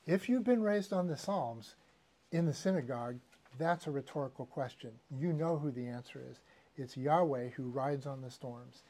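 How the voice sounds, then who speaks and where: A man's voice: a little high, normal speed, darkish tone. A man teaching a church doctrine class in a conversational lecture style, with fillers and asides.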